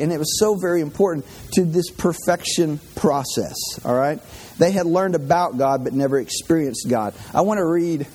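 A man's voice: a little high, dark tone, a little hiss or hum. A man delivering a casual, conversational sermon with self-deprecating jokes and emotional, heartfelt moments. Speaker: pastor.

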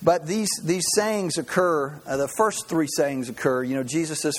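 Here is a man preaching in an easygoing, storytelling way, his voice a little husky and sitting slightly higher than most men's. He works through the scripture conversationally and often stops to restart a phrase. His delivery is informal rather than polished. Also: normal speed. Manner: folksy storytelling with frequent restarts. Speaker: pastor. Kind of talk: conversational sermon.

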